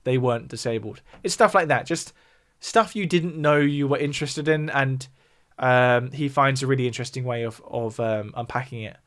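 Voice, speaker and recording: A music YouTuber from the south of England talks at a moderate pace with hardly any pauses, his mid-range voice a bit bright and his accent southern English. He's casually explaining things on a livestream and reacting to viewer chat between points.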